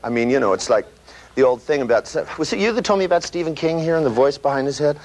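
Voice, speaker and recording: A man lecturing a live seminar, his voice lifting and swooping with lively pitch and sitting a touch high. He talks in a loose, profane way, tossing in "you know" and "right" and mimicking sounds. The old tape hisses and clicks behind him. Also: quick pace.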